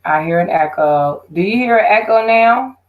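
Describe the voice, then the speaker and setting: A woman's voice: medium pitch, expressive, normal speed, narrow, tinny audio. A woman hosting her own live stream, chatting casually and directly with her viewers. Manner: chatty, talks straight to viewers.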